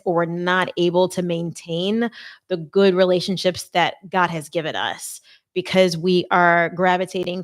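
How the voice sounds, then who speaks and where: A woman host talking earnestly and conversationally about faith and marriage preparation, with playful asides. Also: lowish voice. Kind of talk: faith-based marriage advice talk.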